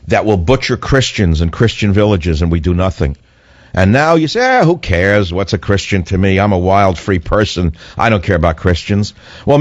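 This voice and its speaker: A man's voice: lowish voice, darkish tone, dry recording. A man hosting a radio talk show, delivering an emphatic monologue that repeats its points for effect. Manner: emphatic, repetitive, mocking whiny voices. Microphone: studio microphone. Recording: muffled dry radio broadcast.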